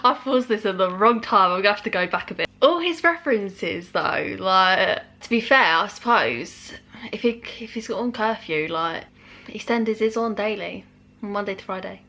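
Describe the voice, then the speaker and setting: A woman talking casually as she hosts a reaction video, chatty and quick to laugh. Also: medium pitch, animated, pushed and bright. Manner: chatty, pauses the track to comment, laughs often.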